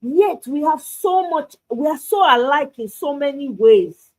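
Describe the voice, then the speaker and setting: A woman with a Nigerian accent hosts her own live stream. Her voice sits a little high and swings widely in pitch. She keeps returning to the question "why" in an animated, impassioned way. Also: measured pace, low-quality recording. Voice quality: animated, rhetorical, repeats "why". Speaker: host.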